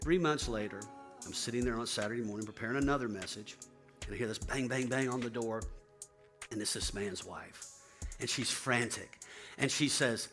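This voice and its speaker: A man's voice: medium pitch, a little fast, fairly bright tone, soft background music. A middle-aged male pastor telling a sermon story, acting out the dialogue with rising intensity.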